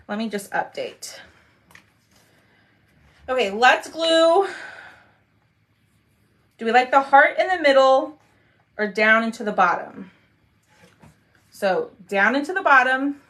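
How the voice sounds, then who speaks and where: A woman's voice: fairly high pitch, bright, forceful tone. A woman hosting a casual crafting livestream, chatting and greeting viewers by name.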